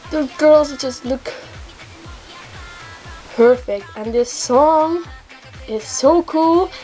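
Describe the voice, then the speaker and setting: A young woman with a high voice talks in an unhurried, drawn-out way, gasping and gushing as she reacts. Faint music plays behind her, and her exclamations keep tumbling out one after another. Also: a little mellow. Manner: gushing, gasping, repeats oh my god. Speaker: reaction video host. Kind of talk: excited music video reaction. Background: music playing.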